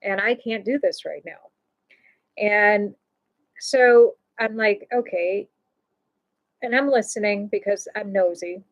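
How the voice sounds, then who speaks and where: A woman's voice: medium pitch, slow pace, pauses often, rough recording. A woman hosting a live show, telling an emotional personal story in a rambling way, full of restarts and "you know".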